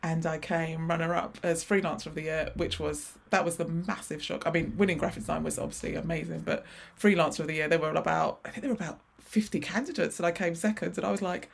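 A woman's voice: sits low, fairly even intonation, quick pace, vocal fry, few pauses. A woman in her forties, a chatty interview guest who laughs often and restarts her sentences. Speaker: guest, freelance graphic designer. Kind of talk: casual interview chat.

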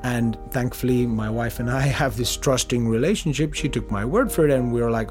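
A man's voice: medium pitch, brisk, few pauses, over music. Man vividly retelling a strange encounter. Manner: vivid retelling, acting out dialogue. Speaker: interviewee. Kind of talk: personal recollection in an interview.

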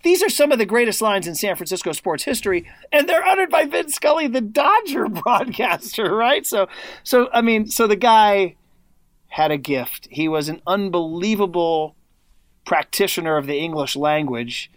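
Animated guy from the us swapping sports stories on a pod, very dry mic. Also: high-pitched, normal speed, dry recording. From United States. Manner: excited storyteller, acts out quoted commentary loudly. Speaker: guest contributor. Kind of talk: casual podcast chat.

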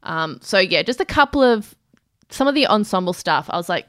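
A woman co-hosting a casual TV review chat, chatty and giggly and quick to agree. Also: mid-range voice, expressive, fairly bright tone, no echo, studio quality. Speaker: podcast co-host.

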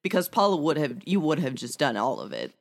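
A woman's voice: sits low, wildly swooping pitch, brisk, vocal fry. A woman co-hosting a podcast in casual chat, rambling and restarting her sentences. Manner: rambling, repeats herself and restarts often. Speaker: podcast co-host.

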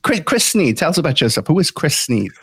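A man's voice: a little high, very animated, brisk, fairly bright tone, slightly rough, no room sound. A man hosting a podcast, talking casually with many fillers and restarts. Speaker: podcast host. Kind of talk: casual interview.

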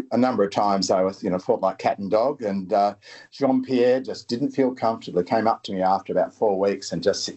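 A middle-aged man, a guest author talking in a halting way and often repeating his words. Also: on the low side, a little mellow. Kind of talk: casual interview talk.

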